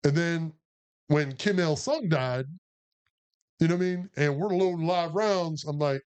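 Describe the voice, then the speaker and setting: A man's voice: on the high side, a little slow, clear, resonant tone. A man and army veteran co-hosting a podcast, telling a profane war story with acted-out quotes. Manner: profane, animated, acts out quotes. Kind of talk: casual storytelling.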